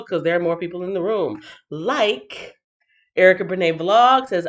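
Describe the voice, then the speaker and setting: A woman hosting a casual livestream, who sounds tired after a night shift. She reads out chat comments in an animated, playful way and breaks into sing-song bits. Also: on the low side, quick pace, dull audio. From Texas. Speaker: livestream host.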